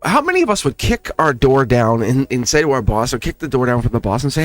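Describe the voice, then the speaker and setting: Lively, animated man reading tarot. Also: medium pitch, a little fast, hardly any pauses, dry recording, soft background music. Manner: animated, repetitive, laughs often. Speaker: tarot reader and channel host. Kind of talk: spiritual tarot talk.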